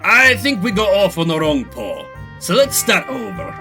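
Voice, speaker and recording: A man's voice: high-pitched, sing-song, normal speed, creaky, pushed and bright, soft background music, pitched above the performer's own voice, heavily acted. A man voicing a cheeky young male red squirrel bard who talks back in an earnest, joking way.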